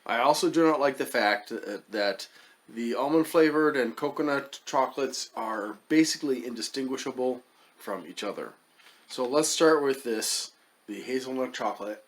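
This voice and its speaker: A man's voice: medium pitch, normal speed. A man casually reviewing chocolates as the host of his own channel, wry and hesitant, muttering as he tastes. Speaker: food reviewer.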